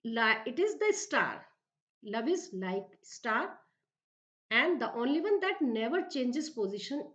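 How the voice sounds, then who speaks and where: A middle-aged woman, an English professor, giving a recorded literature lecture, explaining slowly and emphatically and checking that students follow. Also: high voice, fairly bright tone, dull audio.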